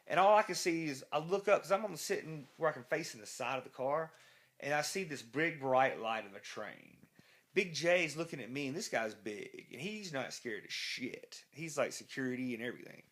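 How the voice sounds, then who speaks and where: A man's voice: a little high, expressive, normal speed, fairly bright tone. A man, a rock musician being interviewed, telling a rambling, profane anecdote full of restarts. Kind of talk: casual storytelling interview.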